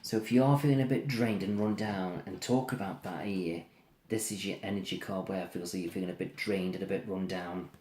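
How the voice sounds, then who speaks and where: A man giving a spiritual card reading, speaking gently and repetitively, sounding tired and drained. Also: low voice, fairly even intonation, brisk. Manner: soothing, repetitive, yawning and tired. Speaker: psychic card reader. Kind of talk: tarot-style reading to camera. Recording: echoey room with faint ambience.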